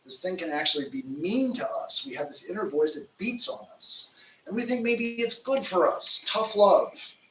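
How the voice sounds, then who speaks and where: Here a monk in his fifties delivers a conversational sermon in a temple lecture hall, speaking in a high, bright, expressive voice with a forceful edge at a moderate pace. He tells stories informally, with fillers. A distant mic picks up the roomy hall and a little faint noise.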